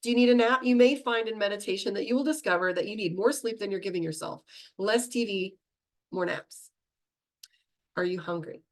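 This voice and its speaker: A middle-aged woman teaching a meditation class, talking fast and chatty and laughing at herself. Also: mid-range voice.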